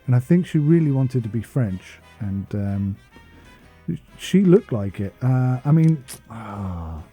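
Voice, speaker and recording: English man, husky dark voice, casual gameplay commentary, rambling tangents, light music underneath. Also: medium pitch, very animated, takes it slowly. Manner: chatty and self-deprecating. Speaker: gaming channel host.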